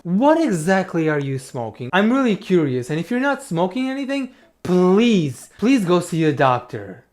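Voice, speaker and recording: A woman hosting a reaction commentary, mocking and sarcastic, swinging between exaggerated outrage and flat asides. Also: lowish voice, moderate pace, a little hiss or hum. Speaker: commentary host.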